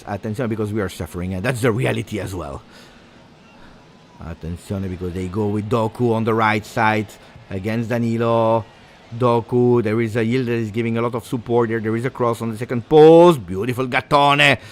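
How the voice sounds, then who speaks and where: A man with an Italian accent doing live fan commentary on a match, excitable, throwing in Italian exclamations and talking to his viewers. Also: medium pitch. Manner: excitable, switches into Italian exclamations, talks to chat.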